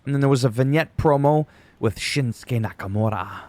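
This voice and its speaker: Male vlogger, mid-pitch, loose and digressive wrestling recap, casual swearing. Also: moderate pace, a little mellow, no echo.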